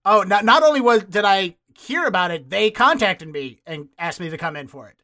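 A man who works as an actor, telling animated stories in casual chat, laughing and cursing now and then. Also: sits high, fairly quick. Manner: animated, swearing, laughing storyteller.

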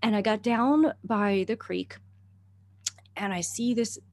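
A chatty middle-aged woman tells a story in a relaxed conversation. She talks animatedly, laughs often and fills her sentences with "you know" and "like". Her voice sits at an ordinary pitch for a woman. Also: takes it slowly. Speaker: guest herbalist and naturalist.

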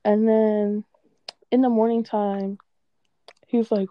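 A woman in a casual chat, telling an animated, profane story and quoting what others said. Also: medium pitch, takes it slowly, muffled recording.

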